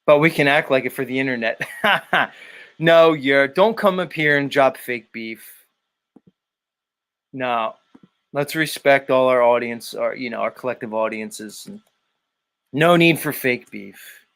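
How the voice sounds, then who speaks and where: Reading chat aloud during a casual live stream, the host mocks his audience bluntly and cusses without restraint. He has a mid-range, slightly bright voice and speaks at a measured pace, pausing often.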